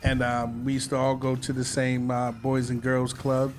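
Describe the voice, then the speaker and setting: A man's voice: medium pitch, monotone, moderate pace, over music. A man from Boston, a singer guesting on a radio show, speaking hesitantly with many fillers. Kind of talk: casual radio interview.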